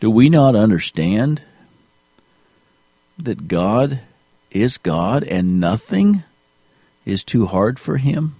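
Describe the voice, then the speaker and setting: Slow, low-voiced male preacher. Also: very animated, mellow, breathy edge, no room sound. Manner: slow, deliberate preaching with rising emphasis. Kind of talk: sermon.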